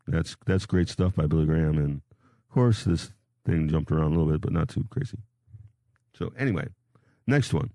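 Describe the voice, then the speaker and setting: Slow-reading man with a deep, mellow voice. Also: animated, no echo, studio quality. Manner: slow, deliberate reading with casual asides; stumbles and rereads lines. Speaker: radio show host. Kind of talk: reading and commenting on scripture quotes.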